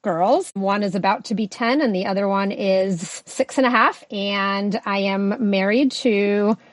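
A woman's voice: mid-range voice, unhurried, no room sound. A woman who grew up in Russia, talking as a podcast guest in a reflective, easygoing way that often breaks into laughter. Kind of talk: conversational podcast interview.

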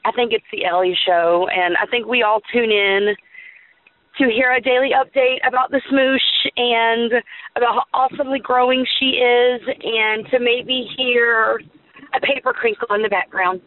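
A woman's voice: a little high, steady tone, unhurried. A woman leaving a rambling, affectionate voicemail for a podcast. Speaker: caller. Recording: tinny phone line.

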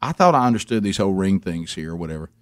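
A man's voice: sits low, rapid-fire, no room sound. Rambling bearded man telling a story. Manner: rambling, many restarts, animated impressions. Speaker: radio show host. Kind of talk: casual storytelling chat.

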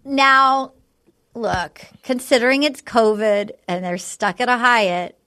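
A woman's voice: on the high side, slow, pushed and bright, no echo, studio quality. A woman co-hosting a podcast, chatting in a gushing way and recapping a dating show with lots of "like"s. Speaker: podcast co-host.

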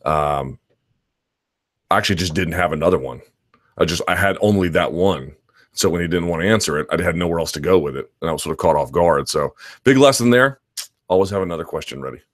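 A man's voice: low voice, lively intonation, brisk, dry recording, clean studio sound. A man hosting a live chat stream, answering viewer questions in a loose, rambling conversational way with restarts and asides.

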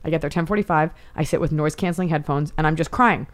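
A woman comedian chatting as a podcast guest, telling stories with animated, acted-out quotes. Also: deep voice, fast talker. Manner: animated storytelling, acts out quotes. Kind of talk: casual podcast chat.

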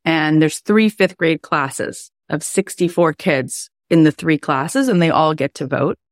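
A woman's voice: deep voice, unhurried, no echo, clean studio sound. A middle-aged woman, a life coach and podcast host, telling a personal story in a chatty, heartfelt way, with many "like" fillers.

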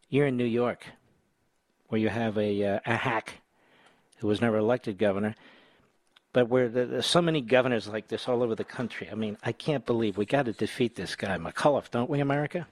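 A man hosting a talk radio show, sarcastic and combative, breaking into loud mocking insults. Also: mid-range voice, a little fast, no echo.

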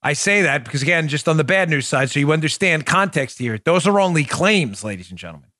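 A man's voice: a little high, expressive, fast, bright, forceful tone, no echo, clean studio sound. Emphatic man hosting a political show. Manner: emphatic, repetitive, builds to heated intensity. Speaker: podcast host. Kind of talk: political commentary.

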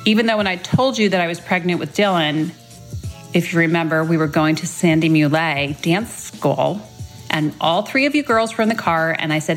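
A woman's voice: lowish voice, moderate pace, faint music behind. A middle-aged woman, a mother, reading a fond birthday tribute and telling a tender family story. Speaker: mother leaving a birthday message. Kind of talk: read-aloud birthday tribute.

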